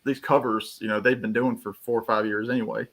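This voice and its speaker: A man's voice: on the low side, level tone, a little fast, fairly bright tone. A man co-hosting a casual live-stream chat, eager and rambling, who sometimes sings or mimics short snippets. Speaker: co-host.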